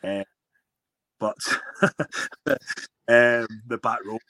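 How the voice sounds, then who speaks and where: Bright-voiced rambling Scottish man. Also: mid-range voice, drawn-out words, slight background noise. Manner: rambling storyteller with many restarts. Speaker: guest rugby player. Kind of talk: casual interview chat.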